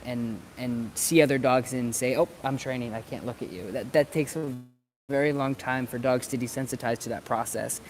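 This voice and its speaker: A medium-pitched male voice comes through with slight background noise. Outdoors by the planters, this dog trainer speaks informally to camera, explaining things casually and repeating words mid-thought.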